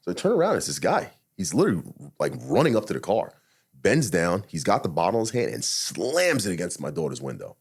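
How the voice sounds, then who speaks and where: Retired cop, male, very low husky voice, rapid-fire blunt storytelling, heavy swearing. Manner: blunt, profane, animated retelling with acted-out inner quotes. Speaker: retired police officer, podcast guest. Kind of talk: casual storytelling interview.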